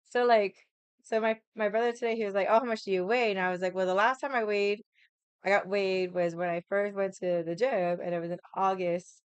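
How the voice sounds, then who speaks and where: A young woman chatting to her stream viewers in a loose, unfiltered way, with plenty of filler words and casual swearing. Her voice is smooth and clear, at a middle pitch. It is close to the mic and dry, with no room sound. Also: fairly even intonation, a little fast, dry recording. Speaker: livestream host. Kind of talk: casual chat.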